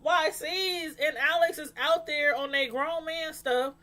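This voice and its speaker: A woman reviewing a TV show in casual chat, rambling, animated and full of fillers. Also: high-pitched, measured pace. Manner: animated, acts out quotes from the show; loose, rambling delivery with many fillers.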